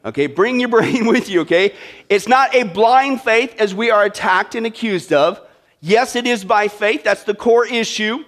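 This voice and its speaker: A man's voice: high voice, moderate pace, fairly bright tone. A male pastor preaching a sermon in a conversational, joking way, checking in with the congregation with "right?" and "okay?".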